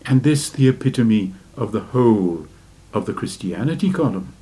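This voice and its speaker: A man giving a slow, deliberate spiritual lecture and asking his listeners rhetorical questions. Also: fairly low pitch, animated, warm tone. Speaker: religious teacher.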